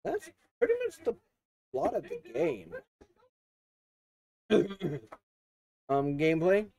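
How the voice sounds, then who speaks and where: A man giving a casual, rambling game review with many fillers and restarts. He coughs and keeps clearing his throat. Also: a little high, huge pitch swings, takes it slowly, dark tone.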